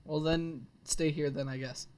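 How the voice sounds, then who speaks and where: Male player, higher voice, playful, giggly, tabletop game. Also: fairly even intonation, unhurried, darkish tone. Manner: playful and giggly, often laughing. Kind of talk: tabletop role-play.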